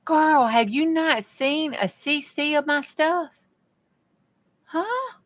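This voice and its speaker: A woman's voice: high voice, animated, takes it slowly, a bit bright. A middle-aged woman, chatting to her viewers in a folksy way while she works on a craft project. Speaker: craft vlogger. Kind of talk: casual chat while crafting.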